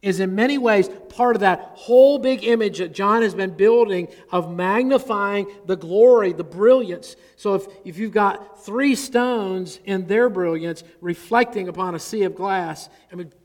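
A male pastor preaching an expository sermon, earnest, swelling on key words and dropping low at the ends of phrases. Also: measured pace, hardly any pauses. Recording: long hall reverb.

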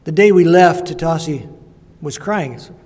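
Husky older missionary preacher in a hall. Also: male voice, on the high side, lively intonation, darkish tone. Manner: halting, reflective storytelling. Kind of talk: sermon with personal stories. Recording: long hall reverb.

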